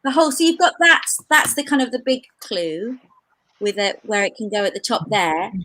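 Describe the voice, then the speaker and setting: A woman's voice: a little high, big pitch swings, moderate pace, sharp tone, low-quality recording. A woman on a live stream, enthusiastic and laughing as she chats.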